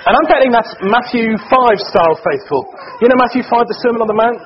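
A high-voiced man preaching to a church gathering, chatty and joking as he tosses questions to the room. The recording is muffled and lo-fi, with a faint hiss underneath. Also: expressive, brisk. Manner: conversational and joking, quizzing the congregation. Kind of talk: sermon.

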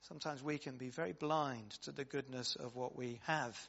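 A man's voice: mid-range voice, steady tone, normal speed, vocal fry, fairly bright tone. A man preaching an earnest, reflective sermon with frequent fillers and asides, recorded in a dull, reverberant church.

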